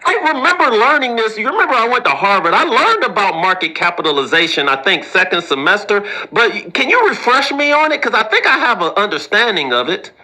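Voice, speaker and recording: A man's voice: high voice, very animated, fairly quick, few pauses, pushed and bright, heavily acted, rough recording. A man mimicking a smug male business school graduate who pretends to understand what he is asking about, in a mock-polite, falsely confident tone. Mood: mock-earnest. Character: smug male business grad faking knowledge.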